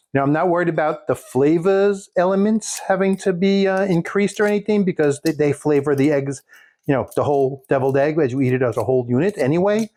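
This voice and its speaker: A man's voice: mid-range voice, darkish tone. A man casually showing a recipe in his home kitchen, rambling with folksy jokes and asides. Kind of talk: casual cooking demonstration.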